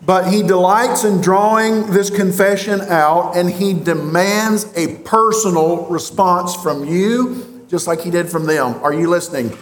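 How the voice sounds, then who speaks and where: A pastor delivering an emphatic sermon, with rhetorical questions and long pauses. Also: male voice, sits high, slight background noise. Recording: roomy echo.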